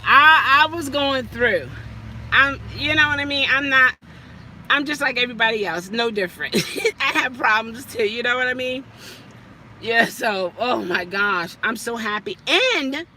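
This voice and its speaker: A woman's voice: on the high side, bright, forceful tone, slight background noise. A woman vlogger chatting casually to her live viewers from her car, laughing often. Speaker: vlogger and rideshare driver. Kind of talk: casual live-stream chat. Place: in a parked car.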